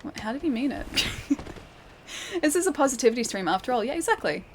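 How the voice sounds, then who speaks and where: A woman's voice: sits high, animated, fairly quick, a little hiss or hum. A young Australian woman with a city accent, chatting casually and giggling while she streams a game and reads her chat aloud. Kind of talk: casual livestream commentary. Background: game music.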